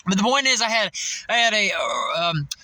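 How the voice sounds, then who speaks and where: A man with a high, very lively voice vents in a casual, profane storytelling rant. His tone is sharp and bright, and he breaks into laughter between lines as he acts out the people he works with. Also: normal speed, no echo, low-quality recording. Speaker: fast-food worker venting.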